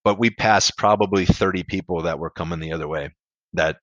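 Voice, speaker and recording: A man with a low voice tells his story in a loose, candid way. He rambles a little and swears casually. The sound is dry and close. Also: fairly quick, no room sound. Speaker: podcast guest, amateur ultrarunner.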